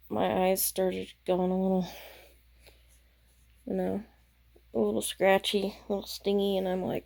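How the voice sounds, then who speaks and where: A woman's voice: medium pitch, steady tone, normal speed, creaky, pauses often, mellow. A tired woman chatting casually to the camera late at night about her stitching, rambling and losing her words. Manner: rambling, self-interrupting, chatty. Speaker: craft vlogger.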